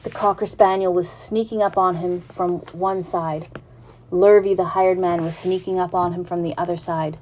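A woman reading a children's storybook aloud in an even, unhurried narrating manner. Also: fairly low pitch, a little hiss or hum.

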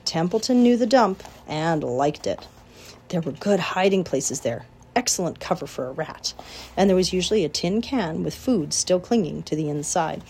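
A woman narrating a children's storybook. Her voice sits a little low with a husky, breathy grain. She reads with lively, animated pitch. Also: moderate pace. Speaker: audiobook reader.

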